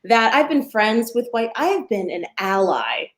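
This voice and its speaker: Playful woman comic in her twenties, fairly high voice. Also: big pitch swings, normal speed. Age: 20s. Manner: storytelling with many fillers and playful asides. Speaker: stand-up comedian. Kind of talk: stand-up comedy set. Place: home, performing on a video call.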